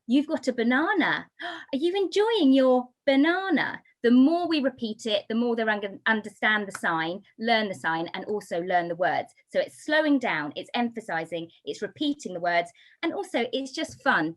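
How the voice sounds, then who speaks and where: Woman, from the UK, baby signing instructor, animated sing-song delivery. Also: mid-range voice, moderate pace. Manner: animated, lively demonstrating with sing-song emphasis. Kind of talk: talk to an audience.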